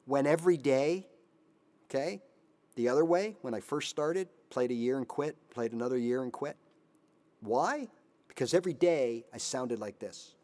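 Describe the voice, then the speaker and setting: A man in his fifties who hosts a guitar channel, giving animated motivational advice on a live stream and now and then singing a line. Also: medium pitch, creaky. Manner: animated, sings snippets, voices his inner brain. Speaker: guitar teacher, channel host.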